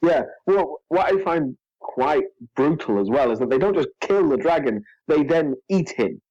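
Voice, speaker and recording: A man's voice: a little high, animated, moderate pace, dark tone, no room sound, lo-fi sound. A man co-hosting a podcast, chatting casually and reacting with wry exasperation. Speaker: podcast co-host.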